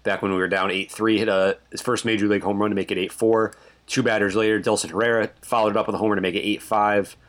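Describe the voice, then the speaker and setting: A man's voice: fairly low pitch, level tone, fast, fairly bright tone. A man from Connecticut co-hosting a casual sports podcast, giving dry, stat-heavy game recaps late at night. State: sleepy. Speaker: podcast co-host.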